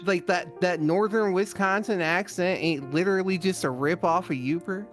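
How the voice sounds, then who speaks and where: A woman's voice: fairly low pitch, normal speed, soft background music. A woman from Michigan on a group voice call, arguing heatedly and swearing freely. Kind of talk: casual chat.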